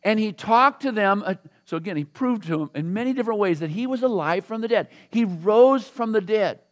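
A man's voice: high-pitched, animated, brisk. A man preaching a sermon in a conversational storytelling way, acting out the voices of the people in the scripture he reads. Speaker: pastor.

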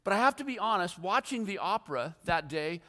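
Brisk and forceful, this pastor's high, bright voice carries lively intonation as he wanders through a self-deprecating sermon of stories, fillers and restarts. The long reverb of a large hall surrounds him.

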